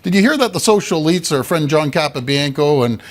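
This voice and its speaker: A man's voice: fairly high pitch, animated. A man co-hosting a political talk show, speaking combatively and piling on rivals. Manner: combative, quick to pile on rivals.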